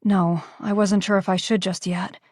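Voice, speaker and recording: A woman's voice: medium pitch, flat delivery, normal speed, a little mellow, no echo, natural voice. Woman doing a guarded lady agent, short clipped answers, dry close sound. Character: guarded female security agent.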